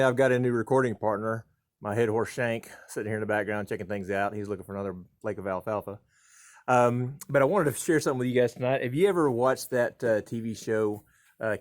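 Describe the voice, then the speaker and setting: A middle-aged man recounts stories about his kids in an easygoing, folksy drawl. He chuckles as he goes and trails off with plenty of uhs and ums. He is recorded in a horse barn. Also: on the low side. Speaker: vlogger telling family stories. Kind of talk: casual storytelling to camera.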